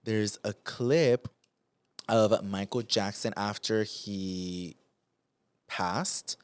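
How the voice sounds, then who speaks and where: A man's voice: fairly low pitch, extremely slow, clean tone, no room sound. A young man co-hosting a podcast, musing in a loose, rambling way full of fillers. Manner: musing, trailing off with many likes. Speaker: podcast co-host. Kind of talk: casual chat.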